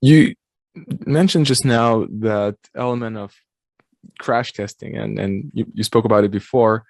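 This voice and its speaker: A man's voice: on the low side, measured pace, creaky, a little mellow, no room sound. A man hosting an interview, asking questions and reflecting on his own experience. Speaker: interviewer, host.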